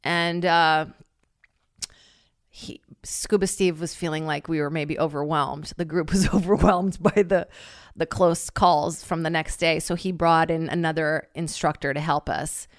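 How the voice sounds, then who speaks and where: A woman hosting a podcast, telling a funny story in a lively, casual way, swearing freely and acting out what people said. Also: low-pitched, a little slow, no echo, clean studio sound. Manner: animated, swears freely, acts out quotes. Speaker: podcast host.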